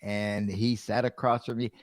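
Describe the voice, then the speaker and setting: A man's voice: lowish voice, level tone, measured pace, no echo, clean studio sound. A middle-aged man and radio show host, casually telling a story and acting out the other people's lines.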